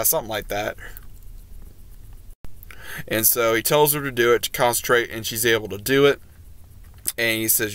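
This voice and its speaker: Man, anime reviewer, rambling episode recap, smooth resonant tone, dry close sound. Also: medium pitch, a bit bright, dry recording. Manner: rambling retelling with fillers and restarts.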